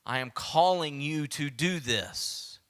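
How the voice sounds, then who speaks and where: A man with a Southern American accent preaching a sermon as pastor, animated and acting out quoted voices, sometimes dropping to a hushed whisper. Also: a little high, slow pace, clear, resonant tone.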